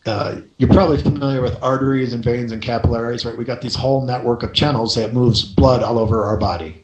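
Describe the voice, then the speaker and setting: A man hosting a coaching radio show, telling a story in a lively way and checking in with the listener by asking "right?". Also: mid-range voice, quick pace, echoey room, muffled recording.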